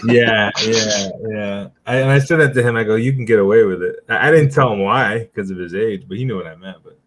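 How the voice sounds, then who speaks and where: Man, lowish voice, rambling, lots of likes and you-knows, easy chat. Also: brisk, fairly bright tone, slight background noise, poor audio. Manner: rambling, many fillers like "like" and "you know", laughs often. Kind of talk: casual chat.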